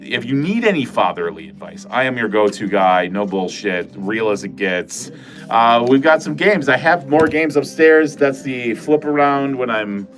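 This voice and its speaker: A man's voice: lowish voice, fairly bright tone. Rambling, joking man streaming live from home. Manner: rambling, self-mocking, joking and profane. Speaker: livestream host. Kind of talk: casual livestream chat with viewers. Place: corner of a home filming room.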